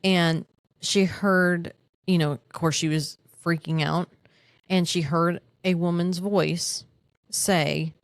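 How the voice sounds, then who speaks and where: A woman co-hosting a paranormal podcast in casual chat, recounting a witness story in a halting way with frequent restarts. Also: fairly low pitch, steady tone, no echo, studio quality. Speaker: podcast co-host.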